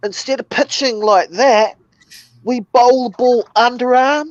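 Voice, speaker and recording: Slow-talking New Zealand man on dull audio. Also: extremely high pitch, dry recording. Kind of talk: casual chat.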